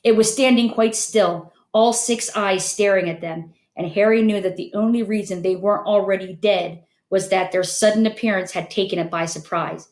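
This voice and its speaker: A woman's voice: medium pitch, normal speed, hardly any pauses, reverberant. Woman reading an audiobook. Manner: steady storytelling, many character voices. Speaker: audiobook narrator. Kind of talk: scripted narration.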